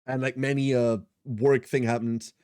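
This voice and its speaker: A man's voice: medium pitch, little pitch movement, moderate pace, a little mellow, clean tone, no echo, studio quality. A man in his thirties streaming a game, chatting casually and rambling with self-mocking humour as he answers chat. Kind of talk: casual live-stream chat while gaming.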